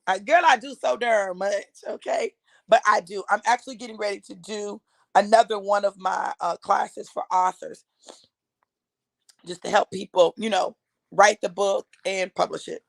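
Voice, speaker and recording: A woman's voice: mid-range voice, fairly even intonation, normal speed, vocal fry, dry recording. A woman in her fifties, an author and speaker, telling a personal story to her viewers in an emphatic, chatty way and calling them y'all. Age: 50s.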